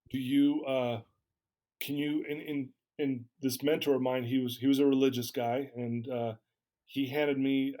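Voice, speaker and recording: A man's voice: mid-range voice, a little mellow. A man guest in an interview, candidly telling a personal story and acting out the dialogue he recalls. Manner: candid, acts out quoted dialogue.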